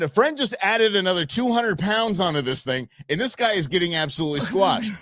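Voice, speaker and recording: A man's voice: high voice, expressive, a little fast, fairly bright tone, no room sound. A man from the United States hosting a show, chatting casually over viral videos with a rambling, chuckling manner and many fillers. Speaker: show host.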